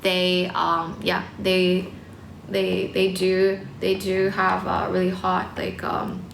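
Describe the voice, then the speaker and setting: A woman English teacher hosting a casual livestream, chatting quickly with viewers and using lots of fillers. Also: fairly low pitch, monotone, vocal fry, slight background noise. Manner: fast, chatty, many fillers, mixes in some Chinese. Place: indoors, in front of a decorated background. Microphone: phone.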